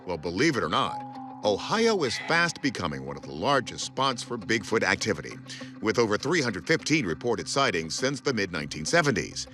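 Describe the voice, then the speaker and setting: Man, documentary narrator, dramatic scripted delivery, very animated pitch, music underneath. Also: fairly quick. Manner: dramatic, lively intonation. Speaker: host. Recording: voice-over with music.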